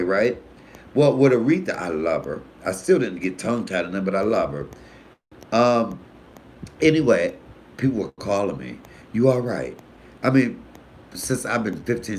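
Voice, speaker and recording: A man from Detroit, working as a comedian, tells stories in a live video with a lively, bouncing pitch. He swears freely and swings from loud outbursts to hushed asides. A faint noise sits behind him. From Detroit, USA. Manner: animated, profane, swings between loud and hushed. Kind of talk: casual live-stream storytelling.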